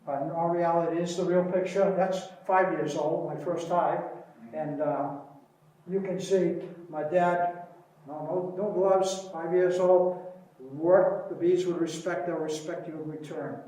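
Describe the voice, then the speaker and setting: A man's voice: a little high, fairly even intonation. Folksy beekeeper man, echoey far-off room. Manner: folksy storyteller, slows down and softens for anecdotes. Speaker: beekeeper giving a library talk. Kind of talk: informal public presentation. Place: library meeting room. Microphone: distant room mic.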